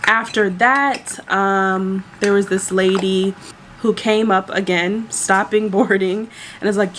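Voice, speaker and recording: A woman's voice: mid-range voice, takes it slowly, a little hiss or hum. A woman flight attendant casually telling a story about her workday to her viewers, chatty and exasperated. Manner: chatty, exasperated, animated retelling.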